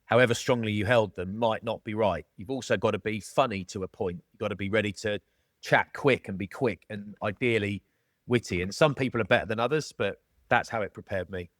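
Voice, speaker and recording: A man's voice: fairly low pitch, brisk, no echo, studio quality. A middle-aged Englishman with a jokey, matey manner, chatting casually as a podcast guest. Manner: jokey, matey, calls people mate. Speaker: podcast guest, former rugby player. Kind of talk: casual storytelling chat.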